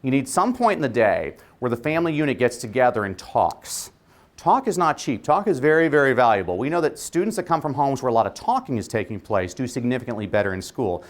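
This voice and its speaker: A man's voice: medium pitch, sing-song, quick pace. A man who is a teacher, giving a joking, preacher-like keynote speech. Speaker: teacher giving a conference talk.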